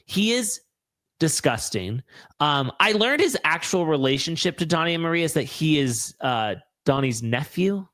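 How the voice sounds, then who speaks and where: A man's voice: a little high, very animated, normal speed, fairly bright tone, dry recording, clean studio sound. A man hosting a podcast, chatting casually about reality TV with lots of fillers and playful asides. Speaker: podcast host. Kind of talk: casual chat.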